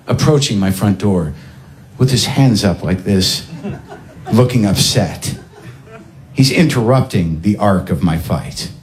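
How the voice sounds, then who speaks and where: A man doing stand-up, telling a story and acting out the other people in it with big jumps in his voice. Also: a little hiss or hum. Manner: animated, acts out voices with big pitch jumps. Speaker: stand-up comedian. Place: comedy club stage with audience.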